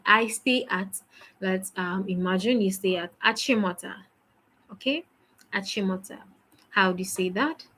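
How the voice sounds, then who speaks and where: A woman's voice: medium pitch, a bit bright, husky, low-quality recording. A woman teaching a French lesson, patiently drilling phrases and praising each answer. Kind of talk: language lesson.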